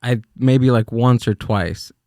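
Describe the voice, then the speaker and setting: A man in casual podcast talk, halting and searching for his words. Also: medium pitch, darkish tone, no echo, clean studio sound.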